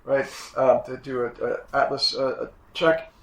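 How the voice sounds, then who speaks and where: A man in his sixties, a chiropractic instructor giving a classroom lecture, emphatic, repeating his points and often clearing his throat. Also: medium pitch, fairly even intonation, unhurried. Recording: echoey room.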